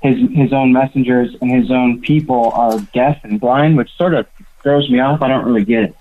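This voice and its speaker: A man's voice: mid-range voice, fairly even intonation, moderate pace, slight background noise. A man calling in to a radio show, asking a question hesitantly and searching for his words. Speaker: caller. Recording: tinny phone line.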